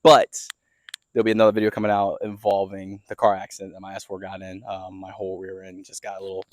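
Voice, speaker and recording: In a casual vlog story time, a young man who makes car videos walks around his yard outdoors, filming himself and rambling in a relaxed way. He speaks quickly in a low-pitched monotone.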